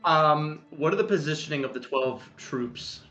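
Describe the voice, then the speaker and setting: A man playing in a tabletop game, asking questions in halting bursts. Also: fairly high pitch, sharp tone, faint music behind, poor audio. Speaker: player. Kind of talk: casual tabletop play chat.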